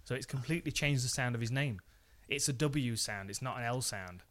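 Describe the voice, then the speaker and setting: A man's voice: mid-range voice, fairly quick, fairly bright tone. A man co-hosting a podcast, easygoing and agreeable in casual chat. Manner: easygoing, agreeable, laughs along. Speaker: podcast co-host.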